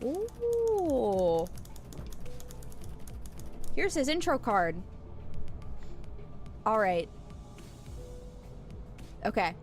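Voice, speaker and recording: A woman's voice: fairly high pitch, expressive, normal speed, pauses often, soft background music. A young woman streaming a game, making crude jokes and rambling casually. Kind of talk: casual livestream commentary.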